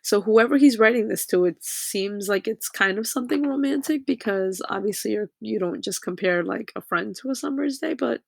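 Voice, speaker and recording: A woman teacher talks students through a lesson, pausing often to check that they follow. Her voice has a gravelly edge, and the recording is dry and close. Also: medium pitch, no room sound. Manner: explanatory, uses fillers and checks in with "okay?".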